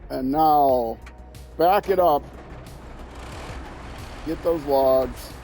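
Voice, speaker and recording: A man's voice: fairly high pitch, extremely slow, dark tone, soft background music. A man streaming a driving game, talking himself through each step with joking asides, with a Minnesota accent. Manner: talks to himself while playing, joking asides. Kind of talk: casual gameplay commentary.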